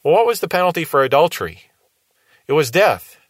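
A man's voice: fairly high pitch, big pitch swings, fairly quick, no echo. A man giving a radio Bible teaching in an earnest, reasoning way, posing rhetorical questions to his listeners.

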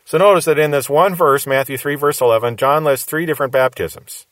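A man's voice: a little high, a little fast, fairly bright tone, no room sound. Man teaching scripture, dry close sound. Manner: explanatory, repeats key phrases for emphasis. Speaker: pastor teaching the Bible. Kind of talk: verse-by-verse Bible teaching sermon.

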